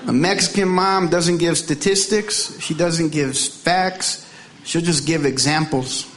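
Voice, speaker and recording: A man with a somewhat high voice works the crowd in a stand-up set, firing off rhetorical questions and punchlines. Loud background noise sits under his voice throughout. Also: unhurried. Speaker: stand-up comedian. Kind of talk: stand-up comedy routine.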